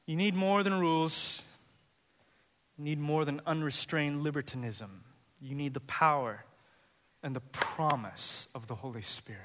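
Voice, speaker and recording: A man preaching a sermon as pastor, earnest and building to animated, high-pitched emphasis. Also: a little slow, long reverb tail, a little hiss or hum.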